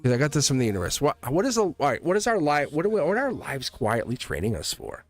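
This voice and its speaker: A man's voice: on the high side, huge pitch swings, fast. A man hosting a casual live-stream tarot reading, rambling and restarting his sentences, often laughing as he talks. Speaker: live tarot reader and channel host.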